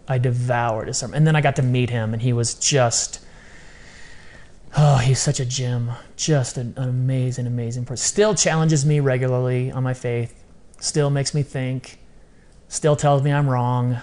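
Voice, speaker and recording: A man talking as a podcast guest in a casual interview, animated and repeating phrases for emphasis. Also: mid-range voice.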